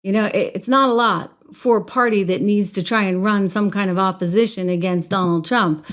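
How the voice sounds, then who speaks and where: A middle-aged woman hosts a political commentary show in a conversational monologue. She speaks at a middle pitch and presses hard on her points, turning to the viewers as if they were in the room. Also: normal speed. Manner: emphatic, conversational, addresses viewers directly. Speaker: show host.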